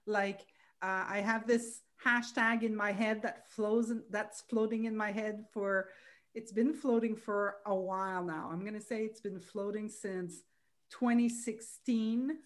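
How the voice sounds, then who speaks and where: Woman podcast host, forties, medium pitch, chatty and laughing. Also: fairly even intonation, measured pace. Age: 40s. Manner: chatty, laughs easily, trails off. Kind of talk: casual podcast chat.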